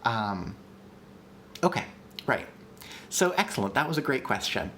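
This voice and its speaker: A man at a middle pitch explains ideas in a casual, live-streamed lecture. He thinks out loud, pausing on fillers and restarting his sentences as he reads and answers chat questions. A faint hiss of background noise sits under his voice. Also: very animated. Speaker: streamer teaching language creation.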